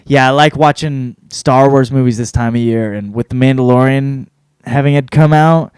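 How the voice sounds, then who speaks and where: A man's voice: mid-range voice, moderate pace, a little mellow, smooth, no room sound, studio quality. A man hosting his own podcast, rambling through a casual rundown with plenty of swearing and blunt opinions. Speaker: podcast host.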